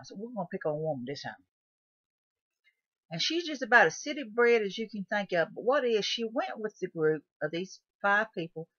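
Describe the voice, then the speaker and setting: A woman's voice: medium pitch, a bit bright, no room sound. Folksy woman, dull lo-fi recording. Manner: folksy, repetitive, posing questions to the viewer. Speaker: channel host. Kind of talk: casual what-if monologue.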